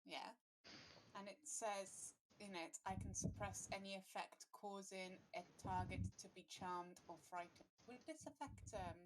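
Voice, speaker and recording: A woman's voice: mid-range voice, measured pace, noisy background. A woman playing a tabletop game, asking eager questions about a spell. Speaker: player. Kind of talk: casual chat at a game table.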